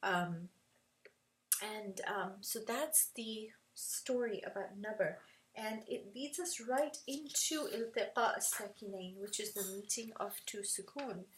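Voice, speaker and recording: A woman's voice: mid-range voice, slow, far from the mic, slight background noise, poor audio. A woman teaching tajweed at a whiteboard, explaining patiently and often checking in with "right?".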